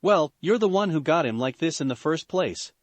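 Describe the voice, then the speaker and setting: A man's voice: on the high side, animated, normal speed, no room sound, natural voice. A man reading a fan story, voicing a sarcastic male eight-tailed beast spirit.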